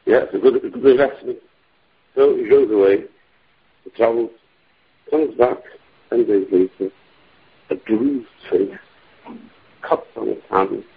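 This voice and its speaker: A man preaching a story with animated delivery and frequent restarts, in a dull lo-fi recording. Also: measured pace, vocal fry, long pauses, husky. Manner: animated, sweeping pitch, restarts. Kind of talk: storytelling sermon.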